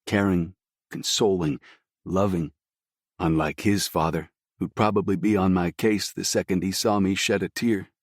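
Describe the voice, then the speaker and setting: An audiobook narrator with a deep, low male voice reads a first-person story slowly and somberly. His scripted delivery stays steady, and the recording is dry and close with no room sound at all.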